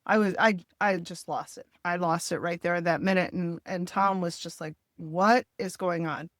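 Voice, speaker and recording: A middle-aged woman tells a hard family story in a podcast conversation. She talks candidly and with feeling, acting out what others said. Her voice sits a little low and sounds dry and close to the mic. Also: steady tone, normal speed, dry recording. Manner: emotional, candid retelling with quoted dialogue. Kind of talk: personal storytelling in a podcast interview.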